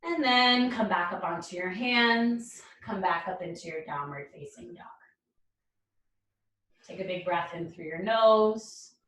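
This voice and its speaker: Calm yoga instructor woman, roomy echo. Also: on the low side, unhurried, far from the mic. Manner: calm, encouraging, short spoken cues. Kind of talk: guided yoga class cues. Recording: roomy echo, speaker away from mic.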